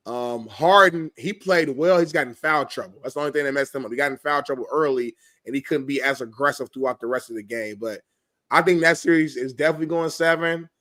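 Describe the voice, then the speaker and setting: A man co-hosting a sports talk show, laying out his picks in a measured, conversational way. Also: medium pitch, a bit bright, no echo, studio quality.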